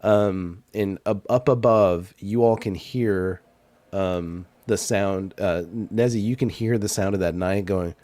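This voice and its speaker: Deep, slow-talking man running a tabletop game. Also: mellow. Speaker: game master.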